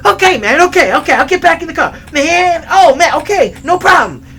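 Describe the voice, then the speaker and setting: A man voicing an angry, aggressive male road-rage thug who shouts threats. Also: monotone, normal speed. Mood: scared pleading. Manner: shouting, high and strained.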